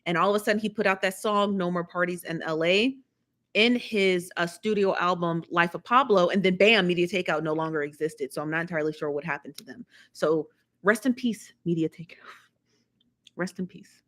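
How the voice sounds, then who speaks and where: A woman's voice: on the low side, brisk, a bit bright. A woman hosting a live stream, chatting casually about news and gossip, often repeating herself and laughing. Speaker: live show host.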